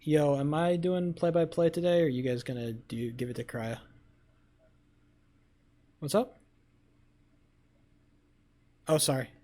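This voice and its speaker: A livestreamer in a blunt, profane chat with viewers on a low-set desk mic at a home setup. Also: fairly even intonation, measured pace, pauses often. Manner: flares into loud yelling rants. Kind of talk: casual live-stream chat. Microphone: desk microphone, sounds low.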